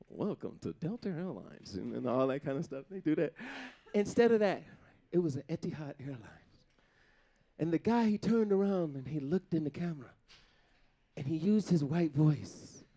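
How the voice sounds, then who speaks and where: A man doing live stand-up comedy on a stage before an audience, talking in an animated way, laughing between jokes and slipping into funny put-on voices. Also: a little high.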